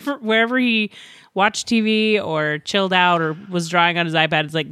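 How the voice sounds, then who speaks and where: A woman's voice: sits low, a little fast, fairly bright tone, no echo. An older woman co-hosting a podcast in casual chat, laughing often as she talks. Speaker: podcast co-host.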